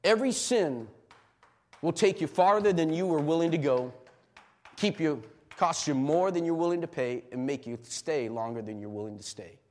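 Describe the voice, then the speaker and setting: A middle-aged male pastor preaching a sermon, moving from quiet emotional confession to loud, shouted exhortation. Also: on the high side, lively intonation, normal speed.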